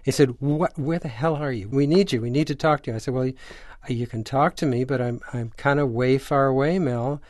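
An older man with a mid-range voice speaks briskly in a radio interview, a screenwriter telling a story from his career. He animates the anecdote by acting out the quoted people, recorded close and dry.

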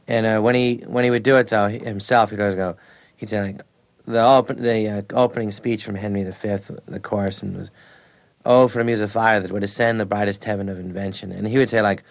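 A man's voice: lowish voice, steady tone, fairly quick. A man, an actor and comedian, telling rambling anecdotes in a radio interview. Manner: rambling anecdotes, frequent laughs.

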